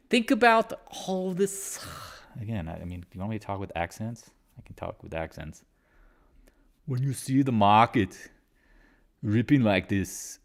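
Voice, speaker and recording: Male live-stream market host, forties, from North Carolina; lowish voice, blunt, profane, rambling. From Raleigh, North Carolina. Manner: blunt, swears, trails off and restarts.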